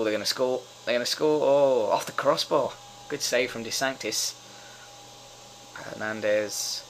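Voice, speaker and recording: Excitable young man swearing. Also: medium pitch, vocal fry, slight background noise, rough recording. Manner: excitable, swears often, cheers at goals. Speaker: gamer doing live commentary. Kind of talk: casual live gameplay commentary.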